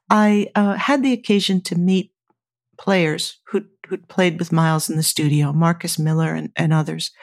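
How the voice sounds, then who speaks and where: Interview guest: woman, lowish voice, animated storyteller, dry close sound. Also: no echo. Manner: lively anecdotal storytelling with quoted voices. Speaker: guest, former studio engineer and scientist.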